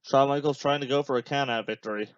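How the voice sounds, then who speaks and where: A man hosting a podcast, making relaxed, offhand running remarks while he watches a match. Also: medium pitch, fast, clear, resonant tone, no room sound, highs cut off. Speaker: podcast host. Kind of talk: casual live commentary while watching a match.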